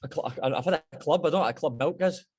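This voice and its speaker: A man's voice: on the high side, very fast, a little mellow, breathy edge. A man with a Scottish accent co-hosting a podcast from a gym, bantering bluntly. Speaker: podcast co-host, strength coach. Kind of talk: casual podcast chat.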